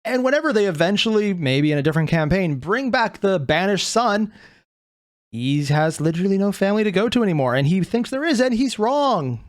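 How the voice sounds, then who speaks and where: A reaction video host giving casual commentary, animated, thinking aloud and swearing often. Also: medium pitch, a little fast, no echo, studio quality.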